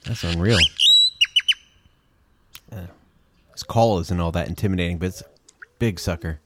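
A man's voice: low voice, moderate pace, darkish tone. A man giving casual reaction commentary on bird sounds, joking, exclaiming and swearing.

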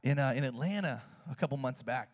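A man's voice: medium pitch, expressive, a little fast, lightly acted. A man voicing a jovial friend who casually tells a miracle story. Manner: laughing, easygoing. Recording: long hall reverb.

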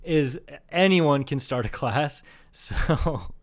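A man's voice: a little high, animated, takes it slowly. A man co-hosting a casual podcast chat, telling rambling, profane stories between frequent laughs. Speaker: podcast co-host.

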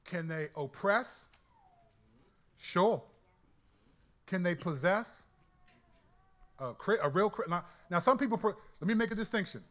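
Excitable high-voiced male preacher. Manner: excitable, colloquial, quick restarts. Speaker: preacher and Bible teacher. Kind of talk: animated sermon-style teaching.

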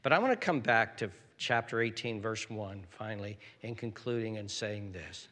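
An older man preaching a sermon as pastor, swinging between hushed, whispered lines and loud, emphatic exhortation. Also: lowish voice, normal speed, hardly any pauses, long reverb tail.

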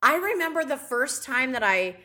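A woman's voice: high-pitched, big pitch swings, moderate pace, pushed and bright. A woman co-hosting a podcast, telling stories in casual chat, swearing freely and acting out what people said. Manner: chatty storytelling, swears freely, acts out quotes. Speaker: podcast co-host.

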